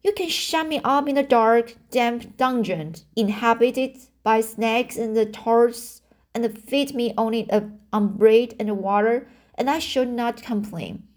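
A woman voicing a stubborn, imaginative young orphan girl, reading her lines slowly and dramatically. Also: on the high side, lightly acted. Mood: defiant. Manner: dramatic, pleading, slow halting reading.

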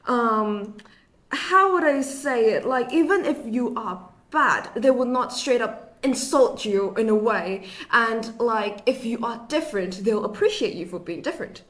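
A young woman chats easily in a British accent she takes on for the show, her voice sitting a little high. She laughs often and strings her thoughts together with "like". The sound rings in a roomy space. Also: animated, measured pace, a bit bright. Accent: British English, put on for the show. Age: young adult. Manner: chatty, laughs often, many "like" fillers. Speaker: university student guest. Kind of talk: casual podcast chat. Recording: roomy echo.

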